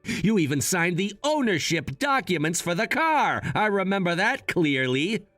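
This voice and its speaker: A man's voice: high voice, sing-song, measured pace, fairly bright tone, no echo, soft background music, full character voice. A man voicing a coolly scheming adult son in a text-message story drama, firm and matter-of-fact.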